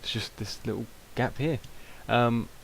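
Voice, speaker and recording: A man's voice: mid-range voice, measured pace, vocal fry. A young British man giving rambling, self-mocking casual gameplay commentary, with many ums. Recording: noisy home recording.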